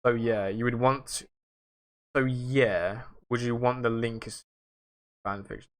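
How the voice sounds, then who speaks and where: A young man hosts a casual livestream, talking loosely and swearing now and then. He rambles through viewer questions in a self-mocking way, at an ordinary male pitch. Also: fairly even intonation, measured pace. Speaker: livestream host.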